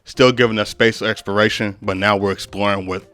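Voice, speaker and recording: A man's voice: on the low side, steady tone, brisk, a bit bright, soft background music. A man co-hosting a casual reaction chat, laid-back and agreeable, with lots of fillers. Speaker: reaction co-host.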